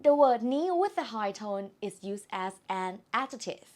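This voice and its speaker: Teaching online with a Thai accent, this woman takes her time, enunciating carefully and repeating words to illustrate their tones. Her pitch is medium, her intonation lively, and her tone on the darker side.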